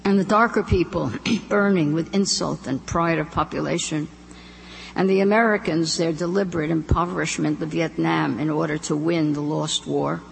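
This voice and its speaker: A woman reads her own poems and stories before a live audience in a measured, deliberate voice with a gravelly edge. The sound carries a long hall echo with a faint hum behind it. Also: low voice, steady tone. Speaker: author reading her work. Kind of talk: live poetry and story reading.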